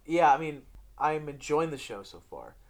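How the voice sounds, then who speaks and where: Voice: medium pitch, moderate pace. Rambling, profane podcast co-host. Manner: profane, rambling, with animated retellings. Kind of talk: casual chat reviewing a TV series.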